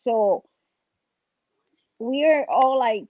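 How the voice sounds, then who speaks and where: High-voiced blunt woman from Philly. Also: expressive, moderate pace, dry recording, muffled recording. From Philadelphia area. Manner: blunt, swears, retells with quotes. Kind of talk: casual chat.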